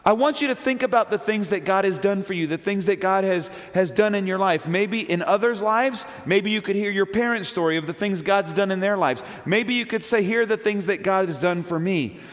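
High-voiced man preaching in a reverberant hall. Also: fairly quick, few pauses. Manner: casual, retells scripture in slangy paraphrase; animated, shifts from loud excitement to hushed storytelling. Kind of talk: youth sermon.

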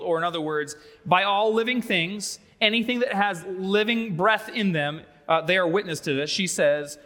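Man, pastor, sermon, high-pitched, animated humorous storytelling, long sanctuary reverb. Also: moderate pace, hardly any pauses. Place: large church sanctuary.

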